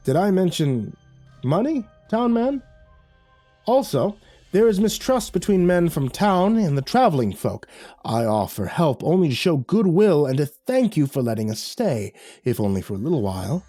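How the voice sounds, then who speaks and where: A man voicing a towering, scarred male traveler king with a strange foreign accent, speaking with smooth, false politeness. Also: fairly high pitch, very animated, normal speed, dark tone, faint music behind, voice pushed up. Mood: cold.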